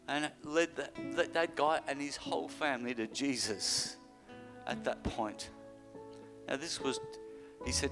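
A man preaching a sermon, telling a healing story and building to loud, high-pitched exclamations at the climaxes. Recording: music playing behind the voice. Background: guitar music.

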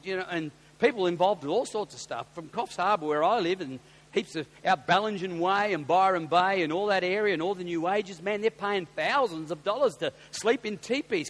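An Australian pastor with a notably high voice, preaching through personal anecdotes. He drops to near-whispered asides and then bursts into loud, excited exclamations. The sound rings with the long reverb of a large church auditorium. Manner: animated storyteller, swings from hushed asides to loud exclamations.

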